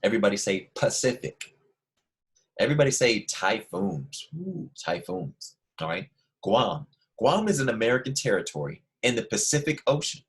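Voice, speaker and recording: Man teaching first graders, slow and clear. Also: lowish voice, sing-song. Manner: slow and clear, repeating key words, call-and-response prompts. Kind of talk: classroom lesson for young children.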